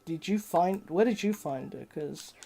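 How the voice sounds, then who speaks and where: A person playing a video game on stream, chatting casually with a blunt, flat delivery and swearing at the game. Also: medium pitch, a little slow, creaky. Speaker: co-player in a versus game stream. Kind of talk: casual chat while gaming.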